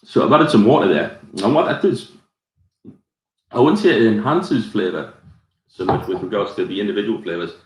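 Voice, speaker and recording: A man's voice: on the low side, moderate pace. A man with a Geordie accent hosting a live whisky tasting, rambling through his tasting notes with plenty of fillers. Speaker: whisky society ambassador. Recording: roomy echo.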